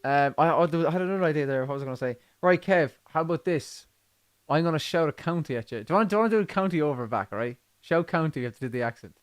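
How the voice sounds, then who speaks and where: A man's voice: on the high side, expressive, rapid-fire, clear, resonant tone, dry recording. An Irish man co-hosting a casual live-stream chat, joking and trying out accents. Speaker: co-host.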